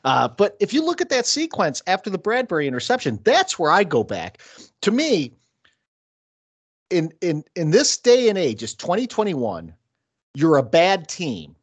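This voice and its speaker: A man's voice: sits high, wildly swooping pitch, moderate pace, slightly rough, dry recording. A man co-hosting a casual sports podcast, arguing his points emphatically with rhetorical questions. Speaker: podcast co-host.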